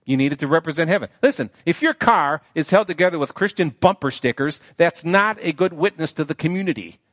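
A man's voice: a little high, lively intonation, a little fast, no echo. Pastor guy preaching, chatty, keeps asking okay, dry close sound. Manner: conversational, checks in with "okay?". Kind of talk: sermon. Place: church sanctuary.

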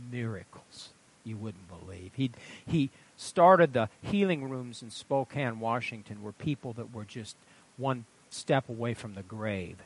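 A man preaching a sermon in an impassioned storytelling manner, swinging from loud outbursts to hushed asides. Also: fairly low pitch, creaky, a little hiss or hum. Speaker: pastor.

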